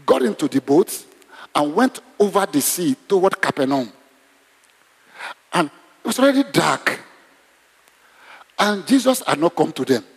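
A man preaching a sermon, animated and exclamatory, leading the congregation in prayer. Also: fairly high pitch, measured pace, vocal fry, long pauses, slightly rough. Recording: long reverb in a hall.

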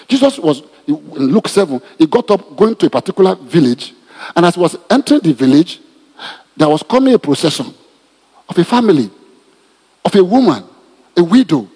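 Male pastor, animated sermon delivery, husky tone, reverberant church. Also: on the high side. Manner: animated preaching with laughs and repetitions. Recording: reverberant hall.

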